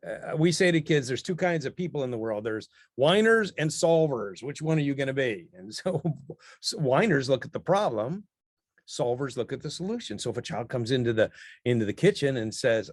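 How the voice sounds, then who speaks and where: A man with a somewhat high voice teaches parents in a relaxed webinar chat. He laughs easily and snaps into brisk quoted lines. The sound is close and dry, with no room around it. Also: dry recording.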